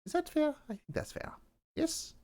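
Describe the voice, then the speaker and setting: A man's voice: very high voice, animated, normal speed, darkish tone. A man hosting a casual podcast, who rambles with dry, self-deprecating humor and lots of fillers. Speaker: podcast host.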